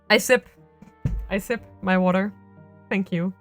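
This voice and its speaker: A woman's voice: mid-range voice, fairly even intonation, unhurried, pauses often, a bit bright, soft background music. Chatty woman streamer. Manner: chatty, self-mocking. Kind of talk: let's play commentary.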